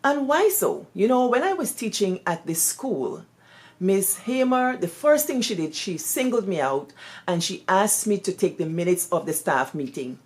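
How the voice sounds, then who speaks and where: A woman with a Guyanese accent, a former teacher, telling personal stories in an expressive, lively way sprinkled with Creole phrases. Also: medium pitch, normal speed. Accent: Guyanese Creole-tinged English. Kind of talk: animated personal storytelling.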